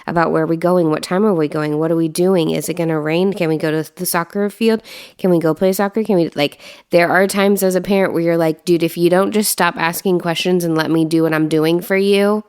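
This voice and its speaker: A woman in her thirties speaks in a relaxed, reflective conversational chat. Her voice is on the low side for a woman, and she talks things through plainly. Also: clear, resonant tone. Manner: conversational, reflective, quick affirmations. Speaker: podcast co-host. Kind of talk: casual chat.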